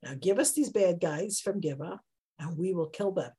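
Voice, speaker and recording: A woman teaching a text study lesson, explaining verses in an animated, emphatic way and rising sharply on rhetorical questions. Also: on the low side, normal speed, slightly rough, poor audio. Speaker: Torah teacher.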